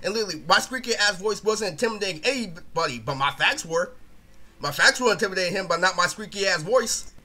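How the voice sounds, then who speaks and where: A man's voice: sits high, expressive, fast talker, pushed and bright. A young man ranting casually in a rambling, profane way, saying "literally" over and over. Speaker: video creator. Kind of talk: casual storytime rant.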